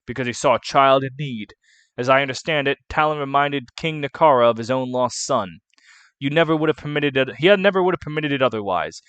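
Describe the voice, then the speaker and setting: Man reading a kindly noble knight, calm, measured, earnest, dry sound. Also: mid-range voice, smooth, dry recording, muffled recording, lightly acted.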